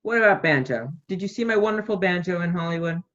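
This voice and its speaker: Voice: medium pitch, lively intonation, quick pace, fairly bright tone, natural voice. A student actor playing an irritable, bossy invalid host in a school play over a video call, imperious and snappish. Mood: gossipy. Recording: dull lo-fi video call audio.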